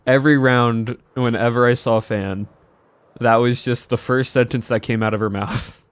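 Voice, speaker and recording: A man's voice: medium pitch, steady tone, moderate pace, clear, resonant tone, dry recording. A man streaming and chatting casually to his viewers, rambling with many restarts and chuckles.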